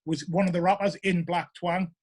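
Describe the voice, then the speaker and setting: A middle-aged Geordie man with a high voice tells stories at a quick clip. He is animated and rambling, and keeps checking in with "you know what I mean?" It is a relaxed, casual interview. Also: breathy edge. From Newcastle, England. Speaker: interviewee, show regular.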